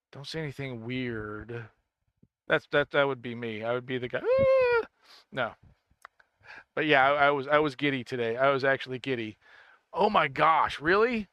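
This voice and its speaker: A man's voice: mid-range voice, pushed and bright, clear, resonant tone, no room sound. A man chatting casually on a game livestream, rambling and stammering, correcting himself often and laughing easily. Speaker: gaming streamer.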